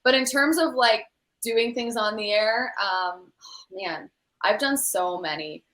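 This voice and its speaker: A woman's voice: fairly high pitch, measured pace, roomy sound, low-quality recording. A woman hockey broadcaster guesting on a podcast, telling rambling stories with lots of laughter. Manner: rambling, animated, laughs often. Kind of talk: casual podcast chat, storytelling.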